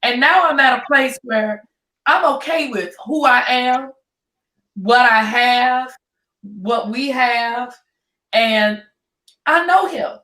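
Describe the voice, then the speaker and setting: A woman co-hosting a casual couples-in-business chat, telling stories in an animated, expressive way. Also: fairly high pitch, takes it slowly, long pauses, reverberant, far from the mic, rough recording. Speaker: podcast co-host.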